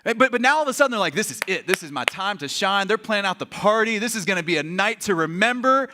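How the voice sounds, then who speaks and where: A young man preaching a sermon as pastor, telling the story with lively acted-out voices. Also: high voice, fast. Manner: animated storytelling, acting out voices.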